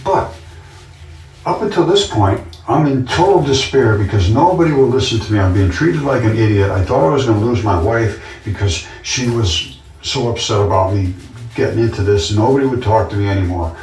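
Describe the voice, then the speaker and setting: Earnest low-voiced man in a roomy space. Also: expressive, moderate pace, darkish tone. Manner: earnest, insistent, repetitive. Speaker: vlogger. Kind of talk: casual monologue. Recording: roomy, distant from the mic.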